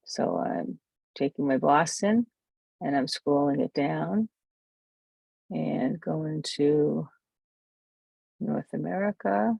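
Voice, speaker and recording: Gravelly presenter walking through software. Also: mid-range voice, slow, pauses often, no room sound, muffled recording. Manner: thinks aloud, self-correcting while demonstrating. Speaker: camera club workshop presenter. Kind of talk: casual software walkthrough.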